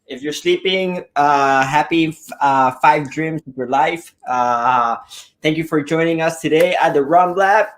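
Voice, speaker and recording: A man's voice: fairly high pitch, a little slow, fairly bright tone, a little hiss or hum. A man hosting a casual live-stream webinar, talking eagerly and rambling with many fillers and restarts. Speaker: webinar host.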